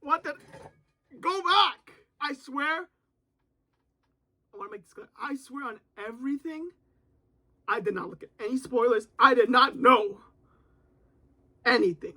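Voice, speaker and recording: Excitable man reacting live to a comic. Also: very high voice, a little slow, long pauses. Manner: excitable, swearing, exclaiming. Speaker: manga reactor.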